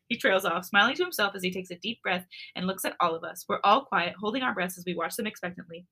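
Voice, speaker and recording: A woman co-hosting a podcast, reading fan fiction aloud with expressive narration. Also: mid-range voice, fast, few pauses.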